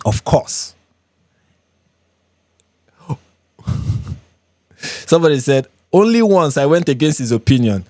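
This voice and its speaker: Animated Nigerian man hosting a livestream. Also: fairly high pitch, slow pace, pauses often, dry recording, studio quality. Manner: emphatic and animated, repeating phrases for effect. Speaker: livestream host. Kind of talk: live reaction commentary reading viewer comments.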